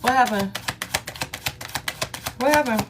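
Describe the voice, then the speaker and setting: A woman giving a casual tarot reading in a blunt, profane, animated way, repeating herself for emphasis. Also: a little high, background noise. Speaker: tarot reader.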